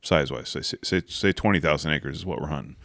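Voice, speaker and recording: A man's voice: rumbling low, quick pace, fairly bright tone, dry recording, studio quality. A man hosting a podcast, telling a hunting story in a casual, rambling way, full of "like" and "right?" and acting out the people in it. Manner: rambling, with many "like" and "right?" fillers; acts out the people in his stories. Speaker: podcast host.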